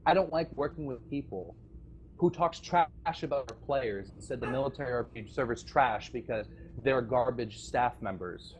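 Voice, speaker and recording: A man's voice: medium pitch, normal speed, a little hiss or hum. Aggrieved rambling man on voice chat. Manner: rambling and aggrieved, with restarts and nervous laughs. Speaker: former game server staff member addressing players. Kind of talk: impassioned voice-chat speech. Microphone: voice chat microphone.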